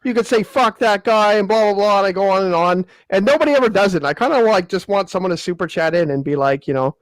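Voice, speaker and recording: Co-host, male, high voice, smug joking, dry video-call sound. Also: quick pace, no room sound. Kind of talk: casual panel chat.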